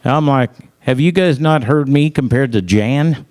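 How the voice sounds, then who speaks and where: A man's voice: medium pitch, moderate pace, clear, resonant tone. Middle-aged guy telling old band stories, acts out everyone's lines, laughs a lot. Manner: animated, quotes people in raised voices, laughs often. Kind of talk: casual storytelling.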